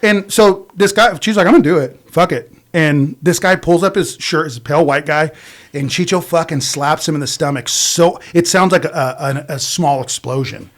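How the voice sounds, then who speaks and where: Casting: man, fairly high voice, loose profane storyteller with lots of false starts. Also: moderate pace. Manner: rambling, profane, many restarts. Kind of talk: casual storytelling chat.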